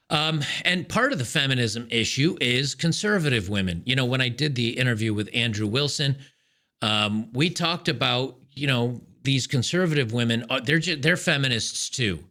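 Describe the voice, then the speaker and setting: A man's voice: mid-range voice, gravelly, sharp tone. A man hosting his own commentary show, talking casually and with frustration, with frequent restarts and fillers. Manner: frustrated, ranting, many restarts. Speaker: podcast host.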